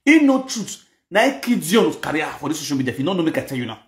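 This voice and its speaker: Speaking fast in a slightly high, sing-song voice, a man with a Nigerian Pidgin accent rants through mocking, scolding gossip commentary. He repeats lines for emphasis, and the room sounds echoey.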